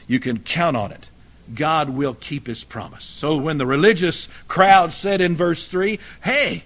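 A man preaching a fiery sermon, swinging between loud emphatic bursts and low, quiet asides.

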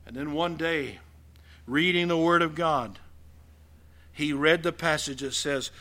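A man from western Oklahoma, preaching a sermon in a dramatic storytelling way that swings from loud to hushed. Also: a little high, a little slow, pauses often.

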